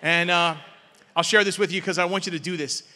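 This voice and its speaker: A male pastor preaching a sermon in a church, urging the crowd to answer back and swinging between loud calls and hushed words. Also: sits high, fairly even intonation, a little fast. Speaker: guest pastor. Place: church sanctuary. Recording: long reverb of a church hall.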